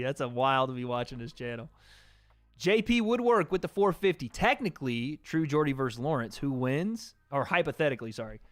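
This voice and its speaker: A man's voice: medium pitch, dry recording. A young man hosting a casual livestream, reading out donations and chatting loosely, laughing often and swearing casually.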